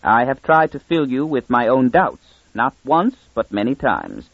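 A man voicing a calm, very old minister. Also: mid-range voice, vocal fry, no room sound, dull audio, full character voice. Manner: calm, soft, measured.

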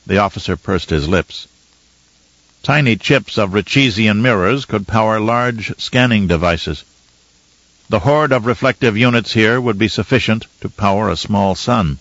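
A man narrating an audiobook in a measured, steady way. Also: fairly low pitch, no echo, highs cut off. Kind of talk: scripted narration.

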